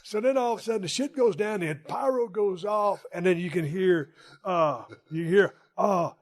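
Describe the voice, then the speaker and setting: A man hosting a podcast, telling a story with animated, profane energy and bursts of laughter. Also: high-pitched, moderate pace. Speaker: podcast host. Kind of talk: casual interview chat.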